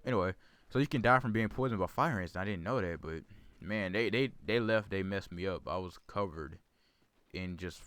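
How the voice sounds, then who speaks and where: A man's voice: deep voice, moderate pace, a bit bright, clean tone. A man telling a childhood story in casual gameplay commentary, rambling and repeating himself. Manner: rambling, repeats words, self-corrects. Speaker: gaming channel host.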